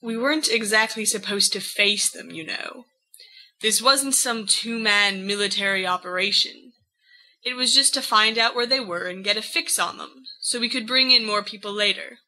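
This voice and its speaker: A woman's voice: mid-range voice, normal speed, bright, forceful tone, poor audio. A woman voicing a brash, cocky eighteen-year-old young man who tells his story in a boastful, rambling way. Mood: recounting.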